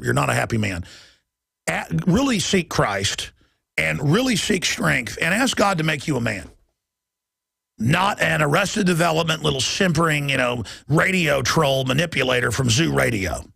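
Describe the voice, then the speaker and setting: A male radio talk show host delivering a combative, mocking monologue with a raspy, gravelly voice. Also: a little high, sharp tone, no room sound.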